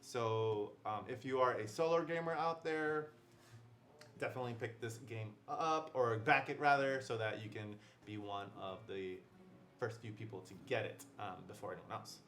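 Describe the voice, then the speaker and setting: A man's voice: lowish voice, moderate pace, a bit bright. Upbeat man hosting a game livestream. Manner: chatty and upbeat, with fillers and laughs. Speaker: livestream host. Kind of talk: casual livestream unboxing chat.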